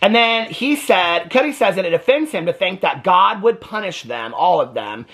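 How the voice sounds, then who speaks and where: A man's voice: sits high, lively intonation, moderate pace, fairly bright tone. A man giving a casual, gossipy recap of a reality TV episode, exasperated and often mimicking the people he discusses. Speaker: TV recap commentator.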